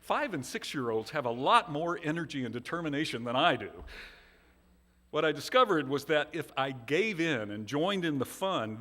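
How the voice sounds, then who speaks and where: A man's voice: on the high side, fairly bright tone. Man preaching in an echoing church. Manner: earnest storytelling with self-deprecating humor. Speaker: minister. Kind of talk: sermon. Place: large church sanctuary. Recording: long hall reverb.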